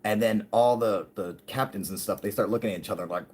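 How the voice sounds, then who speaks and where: A man's voice: fairly low pitch, lively intonation, quick pace, few pauses, slight background noise. A man hosting a livestream, ranting in a rambling, profane, heated way and often breaking into laughter. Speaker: livestream host. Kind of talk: casual ranting livestream talk.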